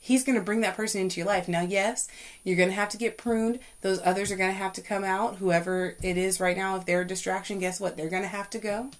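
A young adult woman hosting a faith-based talk, speaking in an emphatic, preachy way that climbs high and loud when she gets fired up. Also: fairly even intonation, quick pace. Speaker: podcast host.

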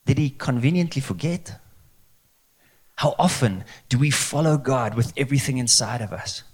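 A man's voice: mid-range voice, moderate pace, pauses often. A male pastor preaching a conversational sermon, asking rhetorical questions. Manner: lively, conversational, asks the crowd rhetorical questions.

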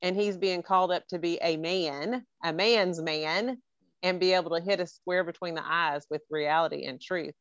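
A low-voiced woman speaks with earnest, emotional warmth as she hosts a podcast from a video call. The sound is dry and slightly dull and lo-fi. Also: steady tone, normal speed, no echo. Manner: earnest, emotional, full of praise. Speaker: podcast host. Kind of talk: heartfelt podcast chat over a video call.

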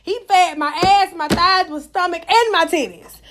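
Brash, profane high-voiced woman. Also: moderate pace, fairly bright tone, a little hiss or hum. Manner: brash, profane, mocking, laughs often. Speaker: storyteller. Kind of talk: casual raunchy storytelling.

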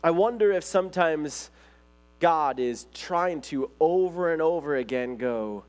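A man's voice: on the high side, unhurried. A man preaching a sermon in a loose, conversational way, telling stories with lots of fillers and restarts. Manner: conversational storytelling, lively retelling. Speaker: pastor.

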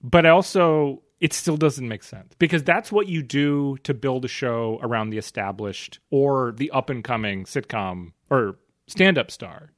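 A man's voice: mid-range voice, measured pace, hardly any pauses, dry recording, studio quality. A man co-hosting a podcast in casual chat, wry and rambling, often breaking off mid-sentence. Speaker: podcast co-host.

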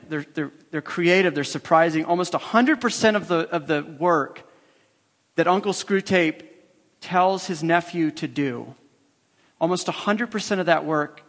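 A man's voice: on the high side, fairly bright tone, in a large hall. A male pastor preaching a sermon, emphatic and repeating his key phrases for weight.

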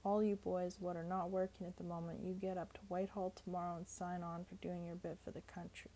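A woman's voice: lowish voice, flat delivery, brisk, warm tone, slight background noise, lightly acted. A woman reading aloud, voicing a wheezy, bossy older working-class London mother. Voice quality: wheezing, heavy breathing. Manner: bossy, self-righteous.

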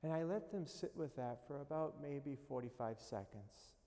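A man giving a homily as a priest, gentle, unhurried and prayerful. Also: mid-range voice. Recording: long reverb of a large hall.

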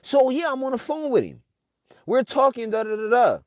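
Young Philly guy as podcast host, venting in an exasperated rant, high-pitched and dry. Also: very animated, normal speed, dry recording. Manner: frustrated, ranting, heavy cursing. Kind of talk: casual monologue.

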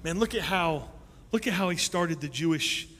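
A male pastor preaching a sermon in a church sanctuary. His delivery is animated and swings between loud and soft. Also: a little high, normal speed. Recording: long reverb in a large hall.

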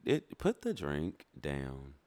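A man's voice: very deep voice, huge pitch swings, slow, darkish tone. A man co-hosting a casual podcast chat, sassy and blunt, swearing freely. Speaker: podcast co-host.

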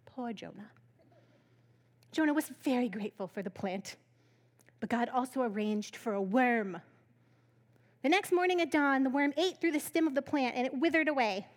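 A woman with a high voice preaching a sermon, speaking to her listeners in a casual, conversational way. She retells scripture with a playful, humorous edge and lively storytelling. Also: normal speed, long pauses.

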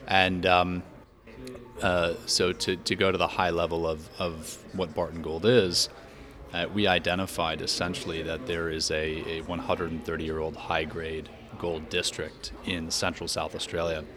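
An American-raised man, a mining company executive, explaining his business in a podcast interview with a measured manner and many fillers. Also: low voice, flat delivery, crowd noise. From United States. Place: Australia.

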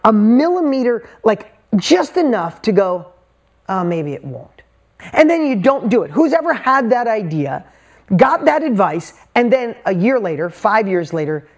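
A woman's voice: mid-range voice, a little mellow. A woman motivational speaker addressing a live audience from a stage, talking in short punchy bursts and firing rhetorical questions at the crowd.

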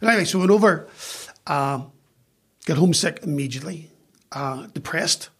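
A middle-aged man with a Northern Irish accent, chatting as a podcast guest and telling self-mocking stories in an animated way. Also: fairly high pitch, moderate pace, husky. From West Belfast, Northern Ireland. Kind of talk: casual storytelling.

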